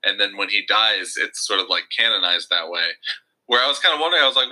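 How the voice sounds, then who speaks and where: A man's voice: fairly low pitch, fast talker, sharp tone, poor audio. A man co-hosting a casual film review chat, chatty and hedging with plenty of fillers. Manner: chatty, hedging, lots of fillers like "you know".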